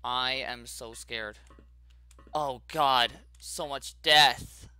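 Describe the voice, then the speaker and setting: A man hosting his gaming channel, narrating a horror game as he plays, jittery and saying how scared he is, with sudden loud yelps. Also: medium pitch, steady tone, very slow, clear, resonant tone. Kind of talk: horror game let's play commentary.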